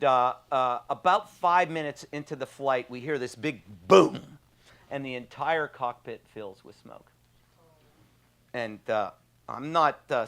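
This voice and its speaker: A man, telling a story casually with many fillers and laughs. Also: medium pitch. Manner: animated anecdote with frequent fillers and laughs. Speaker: trauma surgeon guest.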